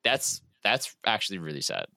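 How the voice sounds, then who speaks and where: A young man playing a tabletop game on a podcast, excitable and stalling, swearing and restarting often. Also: sits low, normal speed, gravelly, background noise. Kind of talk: casual banter among friends.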